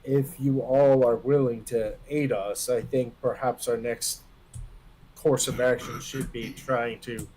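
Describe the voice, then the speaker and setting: A man's voice: medium pitch, steady tone, takes it slowly, warm tone, a little hiss or hum, poor audio. A man playing a tabletop game, talking hesitantly with many fillers as he plans his character's moves. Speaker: player.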